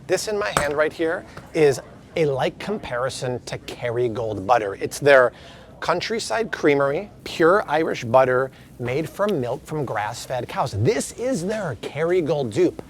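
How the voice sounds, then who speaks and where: A man's voice: a little high, sing-song, a little slow, a little hiss or hum. A man vlogging his way through supermarket aisles, emphatically comparing prices in an upbeat tone. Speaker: grocery vlogger. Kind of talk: store walkthrough vlog.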